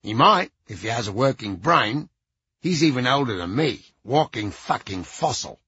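A man's voice: mid-range voice, lively intonation, moderate pace, sharp tone, husky, no echo, heavily acted. A man voicing a crude, cranky old ex-rocker who talks in a blunt, profane way, on a slightly dull recording. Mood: gruff. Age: older.

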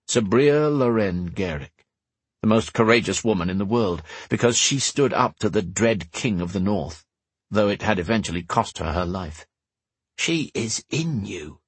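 A man narrating a fantasy audiobook in a measured storytelling manner, slowing for dramatic moments. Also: lowish voice, breathy edge, no echo.

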